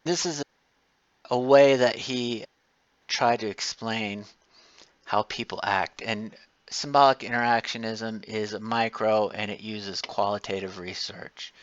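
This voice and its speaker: Low-voiced man giving a casual lecture. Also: steady tone, measured pace, dry recording, dull audio. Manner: casual and digressive, tells personal stories. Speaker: college lecturer. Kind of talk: recorded classroom lecture.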